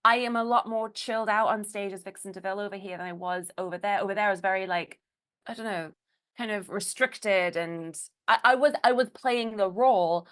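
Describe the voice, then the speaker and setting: A young woman from Newcastle with a Geordie English accent, chatting as a guest and telling stories in quick, animated bursts. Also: medium pitch, clear, resonant tone. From Newcastle, England. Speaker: guest, burlesque host and comedian. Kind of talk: casual podcast chat.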